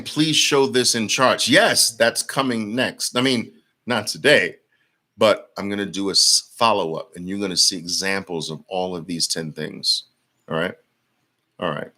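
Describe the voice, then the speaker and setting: A man's voice: on the low side, measured pace, sharp tone. A man coaching traders in a live-streamed lesson, blunt and emphatic, repeating words for force and answering viewer comments. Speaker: trading coach.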